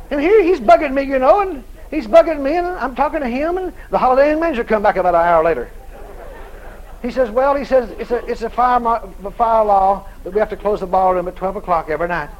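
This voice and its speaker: A man preaching, telling a story with lively dialogue and loud shouted prayers. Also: extremely high pitch, brisk, slight background noise, low-quality recording. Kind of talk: sermon storytelling.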